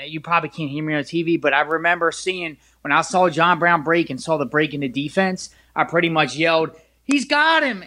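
A man on a sports talk show, telling a stadium story in an excitable, rambling way with many restarts. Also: on the high side.

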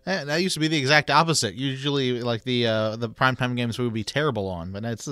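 Dude co-hosting sports talk, smooth clear voice, dry sound, lots of um and uh. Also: male voice, medium pitch, fairly bright tone, no room sound. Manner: halting, full of fillers and restarts. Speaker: co-host.

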